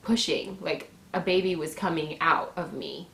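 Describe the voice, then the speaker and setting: Woman, 20s, lively storyteller, lower voice, roomy echo. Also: moderate pace. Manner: animated, laughing often, acts out her own shouts. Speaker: vlogger. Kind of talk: casual storytelling. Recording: echoey room with faint noise.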